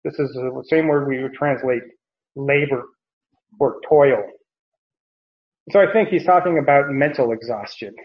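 A man with a gravelly, creaky voice works through a Bible passage verse by verse. He explains in a loose, conversational way and circles back to repeat his points. The recording sounds dull and lo-fi. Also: medium pitch, measured pace, pauses often. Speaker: Bible teacher.

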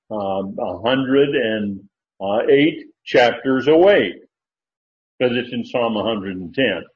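A man teaching a Bible study lesson in a casual, thinking-aloud way, checking his sources as he goes. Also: mid-range voice. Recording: dull lo-fi recording with faint noise.

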